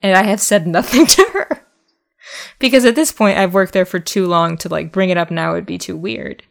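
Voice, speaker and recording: A woman's voice: fairly low pitch, normal speed, creaky. A young adult woman co-hosting a podcast, chatting casually and animatedly, laughing often. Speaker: podcast co-host. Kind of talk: casual chat.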